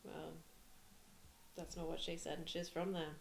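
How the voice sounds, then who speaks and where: A woman co-hosting a podcast, giving chatty, quick, playful watch-along commentary and cheering or booing as results come in. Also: low-pitched, flat delivery, gravelly, slight background noise. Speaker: podcast co-host. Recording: echoey room recording.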